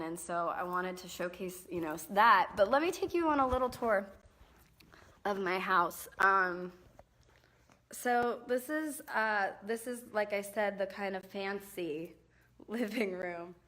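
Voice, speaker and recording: A woman's voice: mid-range voice, unhurried, a bit bright. A young woman, a singer-songwriter, chatting casually on a live stream from her home, rambling and apologizing with lots of fillers and restarts, speaking into a handheld phone. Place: indoors and outdoors at a home. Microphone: phone held in hand.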